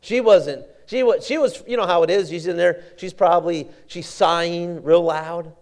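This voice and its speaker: High-voiced man preaching a sermon. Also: normal speed, darkish tone. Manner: conversational storytelling, repeats words and restarts, folksy asides.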